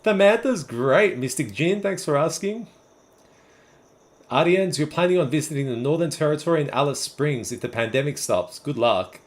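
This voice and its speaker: A man's voice: on the high side, moderate pace. A man in his twenties or thirties with a Sydney Australian accent, casually chatting with viewers on a live stream and answering their messages. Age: 20s or 30s. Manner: relaxed, chatty, answers chat messages one by one. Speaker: livestream host.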